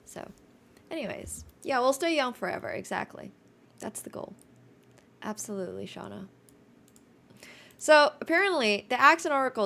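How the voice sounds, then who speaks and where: A woman's voice: high voice, animated, normal speed, creaky, long pauses, a bit bright. A woman in her twenties with a Californian accent, chatting casually on a livestream in a wry, self-deprecating way. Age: 20s. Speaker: chess streamer.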